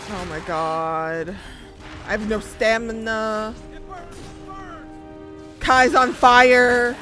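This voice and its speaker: A woman streaming gameplay, reacting excitably, swearing often and talking to herself and the screen. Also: fairly high pitch, very slow, soft background music. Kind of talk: live gameplay commentary.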